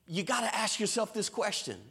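Bright lively high-voiced preacher man. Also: brisk, slightly rough. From American South. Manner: lively storytelling preacher, folksy Southern phrasing. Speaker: pastor. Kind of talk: sermon. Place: church stage.

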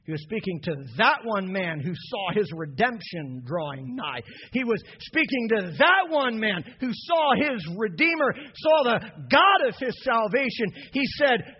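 High-voiced man preaching in a reverberant hall. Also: very animated, unhurried, few pauses, slightly rough. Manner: builds from soft to shouted peaks. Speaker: pastor. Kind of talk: impassioned sermon. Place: church sanctuary. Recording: dull lo-fi sound with long hall reverb.

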